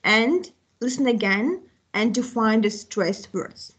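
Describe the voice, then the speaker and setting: Azerbaijani-accented woman teacher, slow careful talk, little slips, slightly high voice. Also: lively intonation, husky. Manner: slow, deliberate explaining with occasional slips. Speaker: English teacher. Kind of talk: explaining a recorded lesson.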